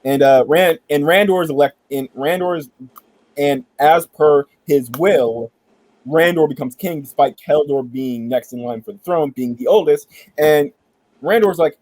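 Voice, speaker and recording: A man hosting a casual entertainment chat, retelling a backstory in an animated, joking way and swearing casually. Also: fairly high pitch, measured pace, no echo, rough recording. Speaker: podcast host.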